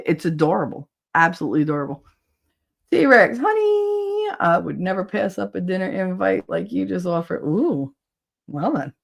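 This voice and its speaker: A woman's voice: deep voice, creaky. Blunt, swearing woman livestream host. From New Jersey. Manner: blunt, swearing, laughing often. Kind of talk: casual livestream chat reading comments.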